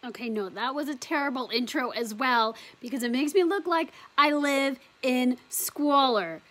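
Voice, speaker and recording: A woman's voice: high-pitched, normal speed, music in the background, low-quality recording. A young woman vlogging at home, chatting casually and confessionally, laughing often and filling her talk with "like". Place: home during quarantine.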